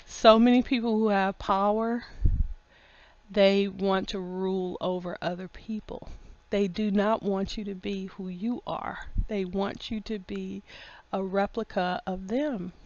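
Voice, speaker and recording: A woman in a casual opinion monologue, folksy and full of endearments, laughing often and getting loud when worked up. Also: mid-range voice, steady tone, unhurried, lo-fi sound. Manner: folksy, drawls endearments like honey and baby. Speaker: vlogger.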